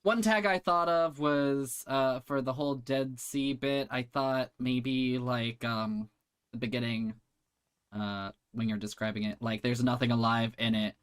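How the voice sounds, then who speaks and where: A man's voice: medium pitch, steady tone, measured pace, fairly bright tone, clean tone. A man hosting a comedy feedback show, talking casually and rambling with lots of uh, um and like. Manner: rambling, hedging with uh and like.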